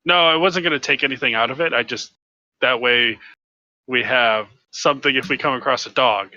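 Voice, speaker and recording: Young man player, sharp bright voice, dry and a bit muffled, quick jokes. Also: mid-range voice, no room sound. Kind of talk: casual chat at a tabletop game.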